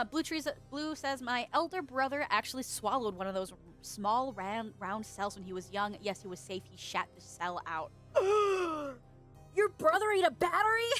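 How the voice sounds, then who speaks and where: A high-pitched woman streamer chatting with her audience, her voice leaping all over the place as she giggles and teases. She swears casually and sounds a little stuffy in the nose, close to her desk mic, with faint music under her. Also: fairly bright tone. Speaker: streamer reading chat. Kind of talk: casual live-stream chat. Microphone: desk microphone.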